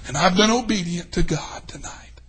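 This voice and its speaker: An older man preaching a revival sermon in a church, telling folksy stories and swinging from hushed tones to shouting. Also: high-pitched, moderate pace, slightly rough.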